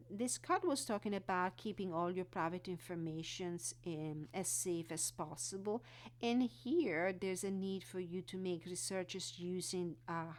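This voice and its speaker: Low-voiced woman reviewing oracle cards. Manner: unhurried, reads card text then explains with fillers. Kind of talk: card reading walkthrough.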